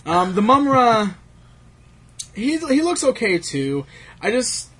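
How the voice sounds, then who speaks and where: A man's voice: very high voice, very animated, takes it slowly, fairly bright tone, slightly rough. A man hosting a casual chat about action figures, rambling with fillers and laughs. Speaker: toy collecting show host.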